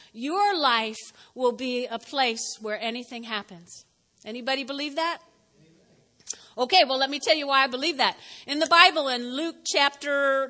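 A woman pastor preaching a lively sermon in a church, talking straight to the congregation and acting out the people in her story. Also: high-pitched, in a large hall. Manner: lively, talks straight to the congregation, acts out quotes. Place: church sanctuary.

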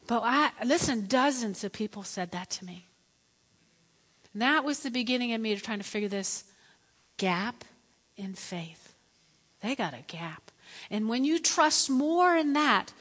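A middle-aged woman preacher telling a story in a lively, dramatic sermon, acting out the voices in it. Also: on the high side, in a large hall. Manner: lively, dramatic, acts out quotes.

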